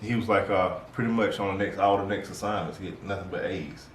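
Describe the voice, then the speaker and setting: A man's voice: sits low, brisk. Man co-host, laid-back storyteller, echoey room, distant mic, light background noise. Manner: relaxed, tells family anecdotes with laughs. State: tired. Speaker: podcast co-host. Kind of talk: casual storytelling.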